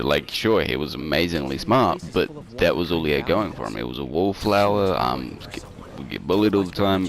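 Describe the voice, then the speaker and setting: Very deep-voiced man, rambling. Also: a bit bright. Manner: rambling, filler-heavy storytelling. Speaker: co-host. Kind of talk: casual podcast chat over a game stream. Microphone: home mic over an online call.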